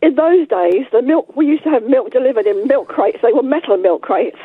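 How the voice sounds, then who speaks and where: A woman's voice: high voice, lively intonation, normal speed, breathy edge, dry recording, phone-quality sound. Laughing chatty woman in her eighties. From England. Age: 80s. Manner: chatty, laughing between stories. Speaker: caller. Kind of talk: phone-in call.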